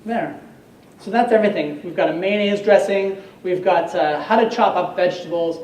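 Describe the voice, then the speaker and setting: A man's voice: high voice, moderate pace, a little mellow. A man giving a chatty, joking live cooking demonstration to an audience, heard from a distance in an echoey hall. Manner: chatty, joking, lots of fillers. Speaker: chef giving a cooking demo. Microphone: far from the mic. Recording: echoey hall, distant mic, faint noise.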